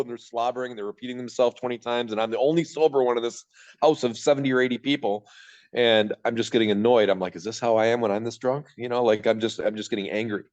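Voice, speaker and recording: His voice sits on the low side, steady, quick, and a little mellow: a man in his thirties from Michigan, USA, sharing his story as a podcast interview guest. The lo-fi recording sounds dull as he rambles, interrupting himself to voice what he used to think.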